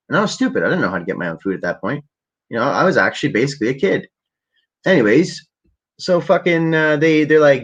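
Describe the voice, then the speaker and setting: A man's voice: on the low side, quick pace, lo-fi sound. A man telling a rambling, profane story in a laid-back, casual way to a livestream audience. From Canada. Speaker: vlogger.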